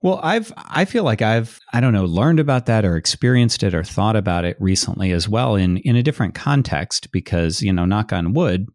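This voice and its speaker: A man's voice: on the low side, lively intonation, moderate pace, hardly any pauses, a little mellow, no room sound, studio quality. A man hosting a podcast interview, talking in a thoughtful, reflective way with frequent restarts. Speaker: podcast host. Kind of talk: conversational interview.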